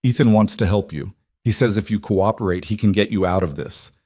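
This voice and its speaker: A man voicing a calm, smooth mob interrogator in a suit, coldly menacing. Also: lowish voice, a little fast, no room sound, lightly acted.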